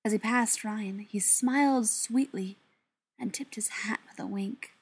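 A woman narrates a story in an even, steady way, her voice breathy and husky. Her pitch sits in the middle of the usual range for a woman. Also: a little slow. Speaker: audiobook narrator. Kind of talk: scripted narration.

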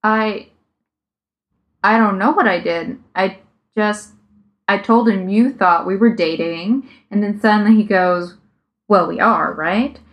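A woman's voice: medium pitch, takes it slowly, long pauses. A woman reading a story aloud, voicing a flustered, oblivious young man who stammers and hesitates. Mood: confused.

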